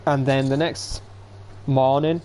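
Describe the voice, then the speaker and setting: A man's voice: medium pitch, level tone, slow pace, darkish tone, a little hiss or hum. A man in his late teens, chatting casually and rambling to viewers on a home livestream.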